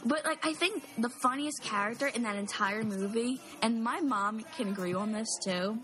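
A young woman in a casual movie chat, bubbly and giggly, acting out quotes in quick bursts. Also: fairly high pitch, a bit bright.

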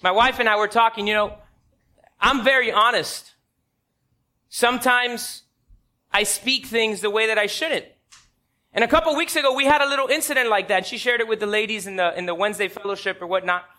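A man's voice: sits high, brisk, bright, forceful tone. A man preaching a sermon in a church, telling stories with emphasis and asking the congregation direct questions. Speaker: pastor.

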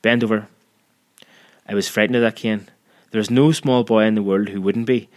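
A man with a fairly low voice reads a story aloud as scripted audiobook narration. His delivery is measured and vivid, drawing the listener through each scene. He keeps a steady storyteller's pace.

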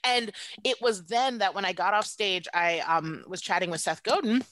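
A middle-aged woman, a podcast guest, telling a personal story in casual conversation and jumping into high mock voices. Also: normal speed, fairly bright tone, dry recording.

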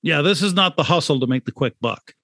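A man's voice: on the high side, lively intonation, fairly quick, bright, forceful tone, dry recording, clean studio sound. A man, an author and brand consultant, talking in a podcast interview, emphatic, repeating key points and asking rhetorical questions.

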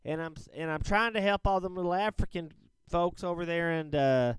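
A man plays a crude, bragging rich caller with a fake Southern drawl. The voice sits high and sounds very clear and smooth, recorded dry and close. He rambles in a folksy, boastful way. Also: a little fast, no room sound, natural voice. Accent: fake Southern American drawl. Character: brash rich man caller, going through divorce. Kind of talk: comedic prank call-in sketch.

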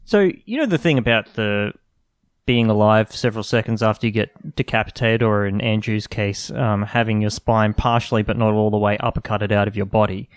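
A man's voice: on the low side, fairly quick, smooth, no echo, clean studio sound. A man co-hosting a casual comedy podcast, explaining odd facts playfully. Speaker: podcast co-host.

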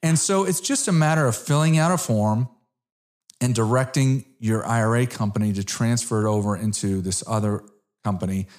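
A man's voice: mid-range voice, normal speed, a little mellow. A man hosting a casual interview, friendly, with enthusiastic reactions. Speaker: host.

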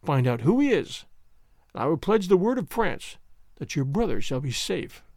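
A man's voice: on the high side, sing-song, normal speed, a little mellow, no echo. A man voicing a cold, relentless diplomat. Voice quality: dry, relentless delivery.

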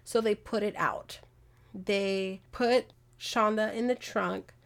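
Gravelly woman telling a true-crime story. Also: mid-range voice, slow pace. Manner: animated, acts out quotes, exasperated asides. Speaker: podcast host.

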